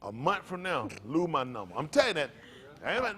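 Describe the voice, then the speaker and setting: Male pastor, kinda high voice, aave, joking sermon style, acts out little scenes. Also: big pitch swings, brisk, sharp tone. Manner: conversational preaching with comic asides and acted-out voices.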